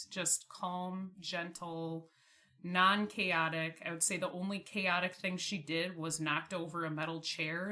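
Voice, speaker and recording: Young woman, twenties, lowish bright voice, chatty storyteller, laughs easily. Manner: chatty, laughs often, fillers like "like". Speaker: podcast guest. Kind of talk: casual storytelling.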